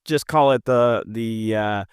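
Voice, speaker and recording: A podcast co-host with a fairly low, clean voice takes his time, recorded dry and at studio quality. He chats casually about hockey games, animated and joking, talking in long runs.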